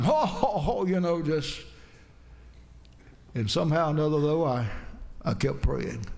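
Preaching a sermon, a man shares his personal testimony in an earnest, storytelling manner. His fairly high voice carries vocal fry and rises in emphatic bursts.

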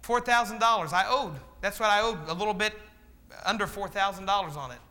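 A man's voice: high voice, a little fast, pushed and bright. A man preaching a sermon, asking the congregation questions and acting out the people in his stories. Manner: preaching with call-and-response questions; acts out quoted voices. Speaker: pastor. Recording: long hall reverb.

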